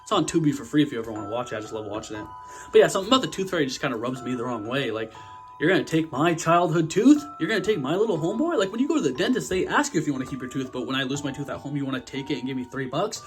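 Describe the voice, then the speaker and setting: A young man giving a casual horror movie review, talking in a slangy, profane, animated way. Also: mid-range voice, very fast, faint music behind.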